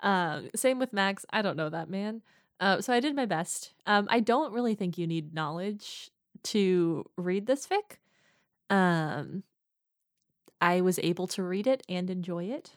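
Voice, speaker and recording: A woman's voice: on the low side, expressive, measured pace, no room sound, clean studio sound. A woman co-hosting a podcast, chatting casually with many fillers and frequent laughs. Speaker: podcast co-host. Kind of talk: casual chat.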